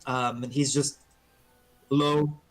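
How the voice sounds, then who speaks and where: A man narrating as dungeon master in a casual, halting way with many fillers. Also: fairly high pitch, very animated. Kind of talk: narrating a tabletop game.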